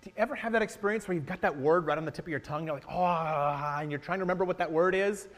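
Speaking quickly, a male pastor with a high-set voice gives a sermon to the congregation in a church sanctuary. He shifts between booming, emphatic statements and soft, confiding asides. The recording has the lingering echo of a large hall over a faint electrical hum.

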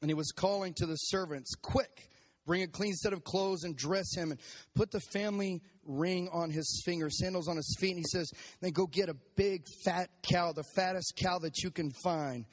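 A man with a notably high voice preaches a sermon, retelling a story with lively energy. He keeps turning to the congregation and prompting them to repeat key phrases back to him. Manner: animated, prompts the audience to repeat lines. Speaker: pastor. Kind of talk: sermon with congregation call-and-response. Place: church service.

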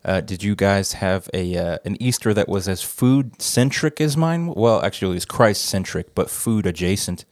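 Man, podcast host, chatty, rambling, casual, lowish voice, dry close sound. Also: animated, normal speed, few pauses, a little mellow, no echo. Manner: chatty, rambling, jokes at himself. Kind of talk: casual church podcast chat. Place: church office studio.

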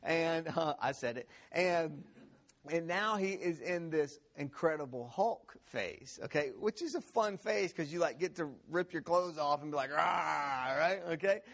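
A man pastor giving a sermon in a church, telling a funny story with an animated, laughing manner and lots of restarts. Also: on the high side, moderate pace.

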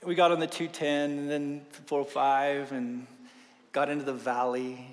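A male pastor preaching a sermon, swinging from hushed slow passages to loud fervent ones. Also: medium pitch, flat delivery. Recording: long hall reverb.

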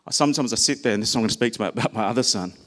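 A man's voice: fairly low pitch, rapid-fire, fairly bright tone. A man preaching a sermon, speaking personally and conversationally and sharing stories about his own children.

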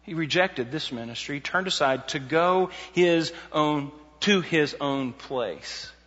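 A man's voice: fairly high pitch, takes it slowly. A man preaching an expository sermon, conversational with emphatic climaxes and many restarts. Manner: emphatic, rising to near shouts on key points. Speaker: pastor. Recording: dull audio with long hall reverb.

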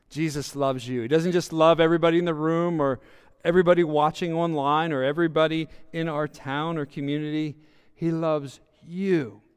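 A man's voice: fairly high pitch, clear, resonant tone. A male pastor preaching a sermon, repeating words for emphasis and reading scripture aloud.

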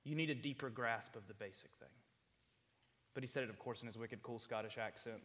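A man's voice: mid-range voice, brisk, fairly bright tone, long reverb tail. A young man from South Carolina, preaching as a campus minister in a chatty, humorous storytelling manner. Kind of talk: sermon.

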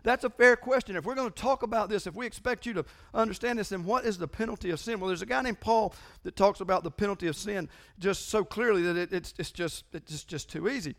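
High-voiced preacher man. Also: quick pace, hardly any pauses, fairly bright tone. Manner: conversational, emphatic preaching with frequent repetition. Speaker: pastor. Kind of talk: sermon.

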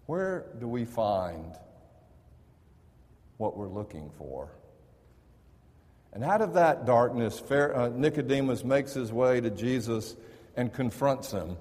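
A man's voice: mid-range voice, darkish tone. A man who is a pastor, preaching a sermon in a conversational storytelling manner and often restarting his sentences. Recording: reverberant hall.

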